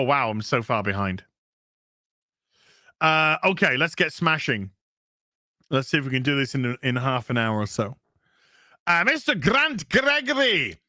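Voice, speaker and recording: A man's voice: fairly high pitch, bright, forceful tone, dry recording, clean studio sound. A man hosting a casual live stream, reading out donations and thanking viewers in a loose, crude, jokey way.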